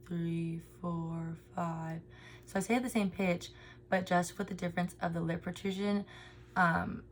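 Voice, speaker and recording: Young woman, gravelly, lowish voice, explaining voice exercises with ums. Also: a little hiss or hum. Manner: informal and explanatory, with filler ums and self-corrections.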